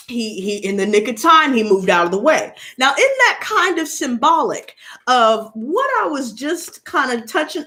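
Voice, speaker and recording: A woman with a high-sitting voice reads tarot and chats casually with her viewers. She tells an animated story and speaks to them directly.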